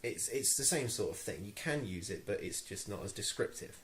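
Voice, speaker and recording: A man's voice: lowish voice, lively intonation, moderate pace, slight background noise. A young man with an English accent, ranting to camera in a vlog, irritated and rambling with many ums and restarts. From England. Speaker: vlogger.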